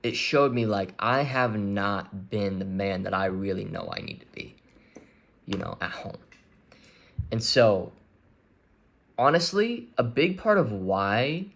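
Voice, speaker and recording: A young man speaking candidly to his audience, earnest and open, with halting restarts as he searches for words. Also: mid-range voice, fairly bright tone. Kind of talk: candid personal confession.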